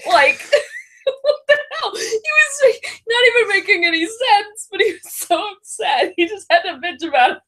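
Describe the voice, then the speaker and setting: A woman's voice: very high voice, moderate pace. A middle-aged woman co-hosting a casual chat about reality TV, telling stories with lots of laughter. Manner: giggly, animated storytelling. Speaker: co-host.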